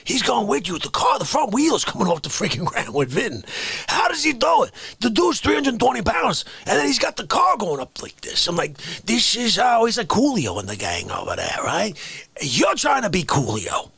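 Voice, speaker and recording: An indignant loudmouth , as a man puts him on, hurls outraged questions in a high, swooping shout. Then he drops into hissed whispers. His voice is gravelly and husky, and it sounds dry and close. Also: huge pitch swings, normal speed, exaggerated voice. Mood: ranting. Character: indignant loudmouth man scolding chat viewers. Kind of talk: improvised comic rant.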